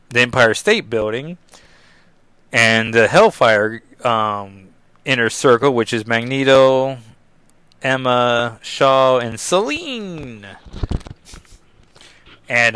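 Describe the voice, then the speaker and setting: A man's voice: mid-range voice, bright, forceful tone, clean tone, no room sound. A man hosting a podcast, recapping a comic book casually with lots of fillers. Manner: rambling, many fillers like 'like' and 'um'. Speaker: podcast host.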